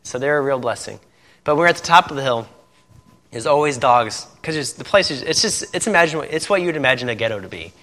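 Expressive and fast, the man speaks at medium pitch with a bright, forceful tone. He is a missionary pastor from Indiana who tells stories in a church sermon and laughs frequently at them, amid the long reverb of a church hall.

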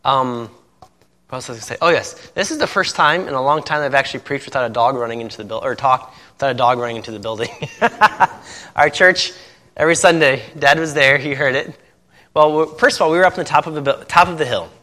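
Laughing preacher in an echoing hall. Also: male voice, mid-range voice, fast, sharp tone. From Indiana. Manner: laughing often at his own stories. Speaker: missionary pastor. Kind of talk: sermon storytelling. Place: church. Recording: long reverb of a church hall.

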